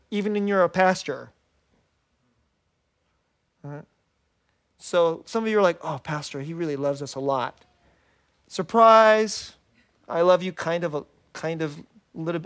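High-voiced animated male pastor. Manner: animated, laughs often, quotes himself in little voices. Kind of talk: sermon.

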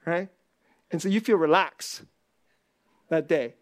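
A man preaching a sermon as pastor, intense and laughing often, dropping into low asides and rising to loud bursts. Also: slow pace, pauses often.

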